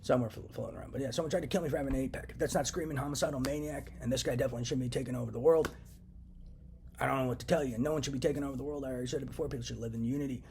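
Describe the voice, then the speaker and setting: A man's voice: mid-range voice, fairly even intonation, very fast, darkish tone, slight background noise. A young man delivering an agitated, profane solo rant to camera from home, circling back to the same points again and again. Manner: agitated, profane, repetitive ranting. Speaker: vlogger. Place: indoors, at home.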